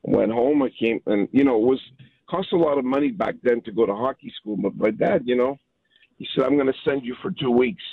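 A man's voice: mid-range voice, brisk, breathy edge, no echo. A man in his fifties from the Montreal area calling in to a radio show, telling a heartfelt, rambling story and quoting people along the way. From Montreal area, Canada. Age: 50s. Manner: heartfelt, rambling, quotes people in their voices. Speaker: caller. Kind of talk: phone-in storytelling. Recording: tinny phone line.

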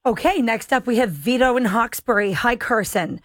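A woman's voice: on the high side, fairly quick, dry recording. A woman hosting a radio call-in show, reading listener questions in a light, playful manner. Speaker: radio host.

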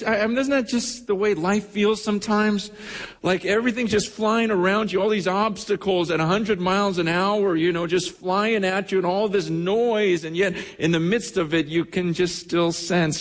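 A man's voice: high-pitched, steady tone, moderate pace. A man preaching a sermon as pastor, telling stories earnestly and often repeating words as he goes. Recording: echoey hall with long reverb.

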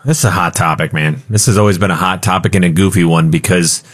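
Deep-voiced guy on a radio money show, jokey and loose, laughs a lot. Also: fast talker. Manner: jokey, animated, laughs often. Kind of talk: casual radio talk.

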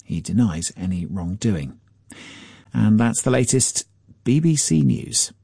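A man reading a formal news bulletin in a measured, even newsreader delivery. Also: lowish voice, vocal fry, slightly rough, no room sound, studio quality.

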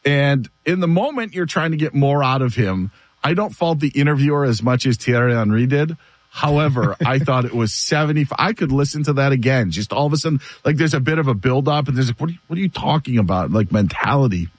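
A man hosting a sports radio show, telling stories in a casual, animated way and laughing often. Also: medium pitch, a little fast, dry recording.

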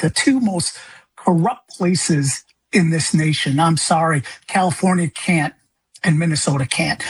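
A man's voice: on the high side, slightly rough. A man from Illinois who is a grieving father, speaking as a guest in a radio interview. He talks with passion, stumbles into restarts, and his voice rises when he gets angry. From Illinois, United States. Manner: impassioned, stammering restarts, voice rising in anger.

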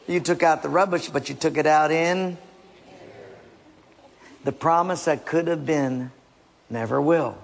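A man preaching a sermon with a gravelly, husky voice, acting out scenes in changing voices. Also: on the high side, measured pace, pauses often. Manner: acts out biblical and household scenes in shifting voices. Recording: long reverb of a large hall.

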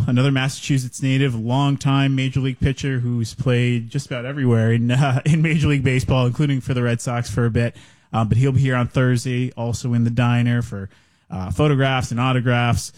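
A man who is a team marketing executive, slightly out of breath, briskly listing event details in a casual radio interview. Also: mid-range voice, a little mellow.

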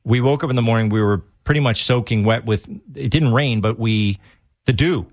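A man's voice: medium pitch, normal speed, dry recording. A man with a Massachusetts accent, co-hosting a casual chat and telling long, rambling stories full of restarts. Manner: rambling storyteller, many restarts.

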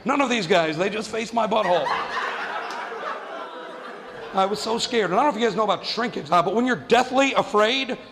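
A man's voice: high-pitched, expressive, a little fast, creaky, pauses often. A young man doing stand-up, telling a story in a conversational, self-mocking way with lots of fillers, on a comedy club stage. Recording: long hall reverb, faint noise.

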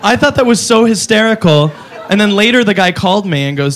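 A man's voice: high voice, expressive, brisk, background noise. A man doing a stand-up comedy routine, ranting in a profane, incredulous way and slipping into goofy voices.

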